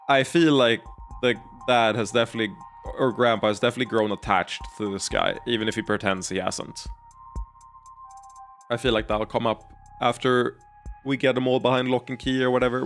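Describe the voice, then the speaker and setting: A man streaming a game, thinking aloud and musing about its story. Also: medium pitch. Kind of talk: live game commentary. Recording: faint music behind.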